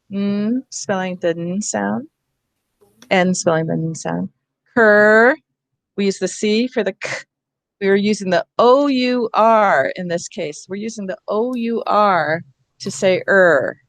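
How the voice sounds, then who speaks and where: A woman's voice: mid-range voice, dry recording. Woman workshop leader, explanatory, spells out sounds, dry close sound. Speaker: reading workshop presenter. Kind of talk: teacher workshop instruction.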